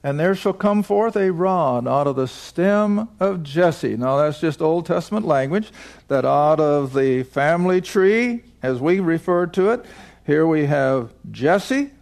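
A man's voice: fairly high pitch, gravelly, darkish tone. A man teaching a Bible passage verse by verse, emphatic, asking his listeners questions and answering them himself.

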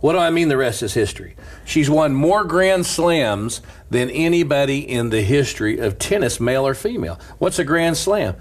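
A male pastor tells a story in casual, sermon-style chat, laughing often and slipping into a preaching cadence. His mid-range voice is animated and moves at normal speed.

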